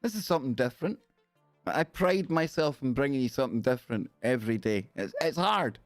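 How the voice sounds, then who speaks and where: A man's voice: medium pitch, lively intonation, a little fast, no echo, faint music behind. Scottish man, rambling and jokey, chatting to his viewers on a live stream, dry sound. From Scotland. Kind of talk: casual live stream chat.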